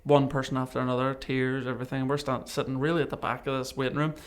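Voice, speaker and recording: A man's voice: mid-range voice, fast. A man, a podcast guest telling a personal story and acting out what people said. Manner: animated, acts out remembered dialogue. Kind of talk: casual storytelling interview.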